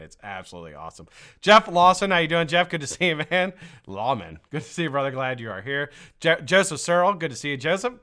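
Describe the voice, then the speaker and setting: Lively man hosting a live stream. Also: mid-range voice. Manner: energetic, greets viewers one by one. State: frog in his throat. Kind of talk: casual live-stream chat.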